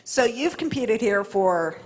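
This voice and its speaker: A woman's voice: fairly high pitch, animated, slow, soft background music, rough recording. A woman interviewing a winner at a horse show, friendly and conversational in her questions. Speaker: arena interviewer. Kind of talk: on-the-spot interview. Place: large covered horse arena.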